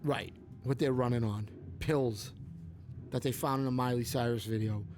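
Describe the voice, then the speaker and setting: A man's voice: mid-range voice, fairly even intonation, moderate pace, darkish tone, soft background music. A man co-hosting a casual political podcast, rambling and filling his talk with "like.". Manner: rambling, heavy use of "like". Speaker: podcast co-host.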